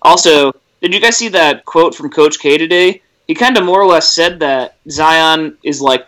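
A man's voice: on the high side, fairly bright tone. A young man co-hosting a casual sports podcast, teasing his friends with funny stories. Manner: teasing storyteller, laughs often. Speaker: podcast co-host.

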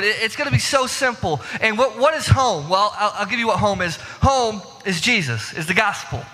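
Young male pastor, high and very bright voice, casual sermon with long hall reverb. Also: animated, quick pace, hardly any pauses, a little hiss or hum. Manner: casual, chatty, addresses the congregation directly. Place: church sanctuary.

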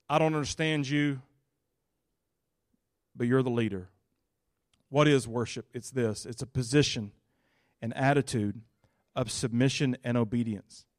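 A male pastor preaching a sermon in a folksy, casual, animated way. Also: mid-range voice, no echo, studio quality.

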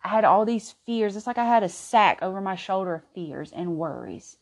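A woman's voice: mid-range voice, lively intonation, moderate pace. A woman, hosting a podcast and telling a personal story in an earnest, chatty way. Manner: earnest, chatty, with frequent restarts and laughs. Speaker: podcast host, homeschooling mother. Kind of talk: casual personal storytelling monologue.

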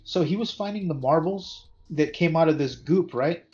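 A man in a casual podcast chat about a movie, relaxed and slangy, asking questions about the plot. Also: a little high, normal speed. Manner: laid-back, uses slang like dude. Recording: dull lo-fi audio with faint music.

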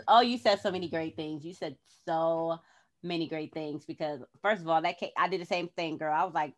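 A woman's voice: low voice, fairly quick. A woman hosting a podcast, talking in a casual heart-to-heart way and acting out her own past words expressively. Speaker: podcast host.

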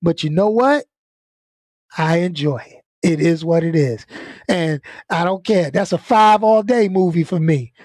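A man's voice: fairly high pitch, unhurried, darkish tone, dry recording. A man hosting his own channel, venting in a casual, blunt way, stumbling over and repeating words and laughing between points. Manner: laid-back, blunt, repeats himself, laughs often. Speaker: channel host.

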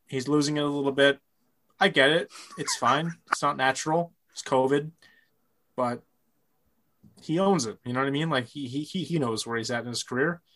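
Man, rambling film chat, profane, repeats himself, mid-pitched voice. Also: a bit bright. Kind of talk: casual movie chat.

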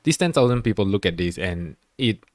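A man from Singapore co-hosting a comedy podcast, giving his opinions in relaxed chat and laughing often. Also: lowish voice, brisk, dry recording, clean studio sound. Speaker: podcast co-host. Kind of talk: casual chat.

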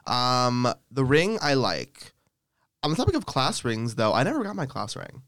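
A man's voice: medium pitch, very animated, normal speed, fairly bright tone, dry recording, studio quality. A young man co-hosting a podcast, teasing his friend bluntly in a casual chat. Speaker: podcast co-host.

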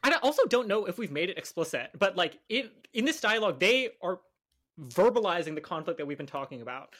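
A woman's voice: fairly low pitch, big pitch swings, quick pace, a bit bright. A woman co-hosting a casual talk show, thoughtful and analytical, leaning hard on key lines. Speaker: podcast co-host. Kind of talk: casual chat.

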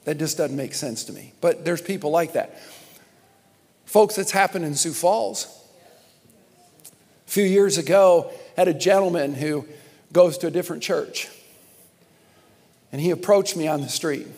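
Young male pastor, higher pitch, animated sermon with laughs, long hall reverb. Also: unhurried, pauses often. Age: young adult. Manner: animated storytelling, laughing and exclaiming. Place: church sanctuary.

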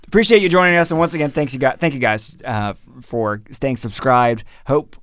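A male podcast host with a smooth, resonant voice, talking in an upbeat, chatty way. The sound is close and dry, with no room around it. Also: mid-range voice, moderate pace, fairly bright tone, dry recording. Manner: upbeat, chatty, signs off the show. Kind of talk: casual podcast chat.

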